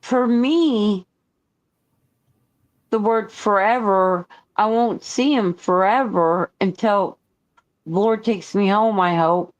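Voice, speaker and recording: A grieving woman calling in, speaking haltingly as she questions why her loss happened. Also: medium pitch. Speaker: caller. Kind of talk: talking through grief.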